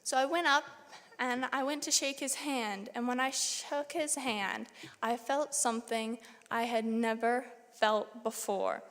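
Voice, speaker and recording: Young woman's lively testimony in reverberant church. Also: on the high side, unhurried. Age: young adult. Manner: lively storytelling, acting out her own reactions. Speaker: church member giving testimony. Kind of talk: personal testimony. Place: church sanctuary. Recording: long church hall reverb.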